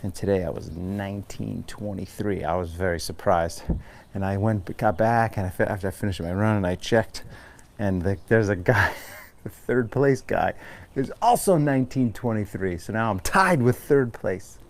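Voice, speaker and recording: An American yoga teacher from Long Island, a man with a fairly low voice. He talks earnestly and casually, rambling and restarting his sentences as he guides the class. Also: normal speed, gravelly, slight background noise. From Long Island, New York.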